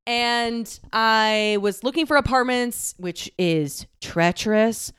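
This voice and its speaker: A woman's voice: fairly high pitch, slow, fairly bright tone, smooth. A woman in her twenties telling a personal story to the camera in a loose, candid way. She swears freely, laughs often and fills her talk with "like" and acted-out quotes. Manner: chatty, many fillers and acted quotes.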